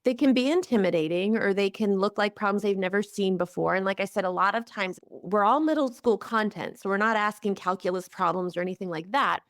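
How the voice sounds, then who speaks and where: Woman interview guest, mid-pitched voice, earnest and explanatory, dry close recording. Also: brisk, hardly any pauses, no room sound. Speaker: executive director of a math organization, guest. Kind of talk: interview answers.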